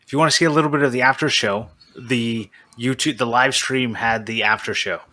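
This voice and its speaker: Bright-voiced male podcast co-host. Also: mid-range voice, a little fast. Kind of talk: casual podcast chat.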